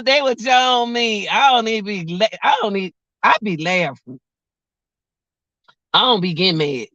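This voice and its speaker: Standing outdoors by a car on a cold, windy day, a woman of about forty chats casually on her vlog livestream, joking and laughing often. Her voice is a little high with a sharp tone, and the audio is dry and lo-fi.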